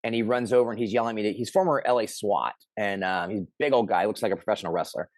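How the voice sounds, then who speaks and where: A middle-aged man telling a personal story in casual conversation, animated and shouting out the lines he quotes. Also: on the low side, rapid-fire, no echo. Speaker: interview guest.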